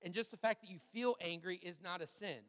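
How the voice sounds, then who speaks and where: A man preaching in a question-and-answer sermon. He sounds like a pastor chatting with his congregation, with a fairly high voice and lots of ums and restarts. His storytelling turns animated, and the sound carries the long reverb of a big hall. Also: brisk. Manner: conversational, animated storytelling with frequent fillers. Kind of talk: sermon Q&A with personal stories.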